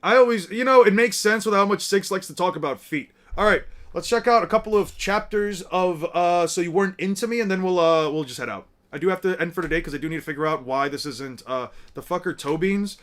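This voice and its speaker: A man's voice: high-pitched, a little fast, few pauses, a bit bright. A man streaming a manga read-along, commenting casually with lots of swearing and laughter. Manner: loose, profane, laughs easily. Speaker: streamer reading a manga aloud.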